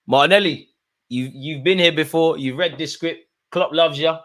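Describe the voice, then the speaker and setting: A man's voice: on the high side, moderate pace. A young man chatting on a live football stream, reading out super chats in a rambling, slangy way. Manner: animated, slangy, rambling with fillers. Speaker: football watch-along streamer.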